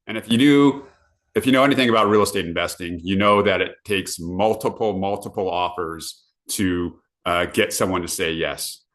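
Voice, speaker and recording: A middle-aged man from Southern California chats as a podcast guest over a video call. His slightly low voice has a bright, forceful edge, and he peppers his story with "uh" while jumping into lively quoted asides. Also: normal speed. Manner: many uh fillers, animated quoted asides. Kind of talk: casual storytelling.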